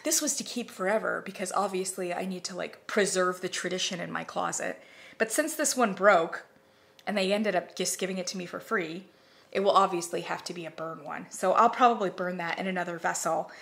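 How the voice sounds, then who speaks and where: A woman chatting casually to camera as she reviews candles, animated, now and then dropping to a whisper. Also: lowish voice, a little fast, gravelly. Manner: chatty, animated, swearing, drops into whispers and mock voices.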